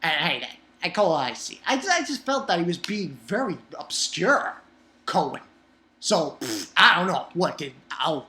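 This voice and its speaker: A young man recapping a manga chapter in a rambling, casual way, swearing often and jumping up in pitch whenever he gets exasperated. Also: very animated, moderate pace, bright, forceful tone. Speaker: manga reviewer.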